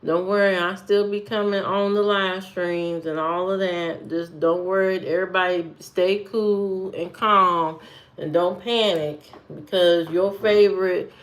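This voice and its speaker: A woman's voice: on the low side, steady tone, a little slow. Female livestreamer, casual and playful, sassy running banter with the audience.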